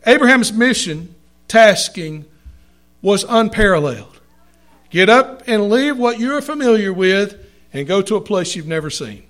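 A man delivers a sermon in an unhurried, deliberate cadence. His voice sits high for a man. He reads scripture aloud and lands hard on the words he wants to stress. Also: expressive, fairly bright tone. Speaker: preacher.

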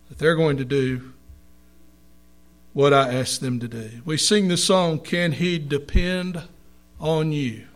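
A man preaching a sermon to a congregation, reading scripture aloud and stressing words with slow emphasis. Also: fairly high pitch.

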